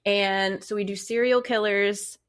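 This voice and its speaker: A young adult woman chats casually as a podcast co-host. She tells stories in an animated way and laughs often. Her voice sits at a middling pitch. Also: unhurried, clean tone. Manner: chatty storyteller, laughs often, animated retelling. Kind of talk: casual chat.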